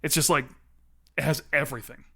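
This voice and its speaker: A man's voice: fairly high pitch, steady tone, brisk, gravelly, sharp tone, husky. A young man co-hosting a casual podcast chat, talking enthusiastically and rattling off long lists. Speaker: podcast co-host.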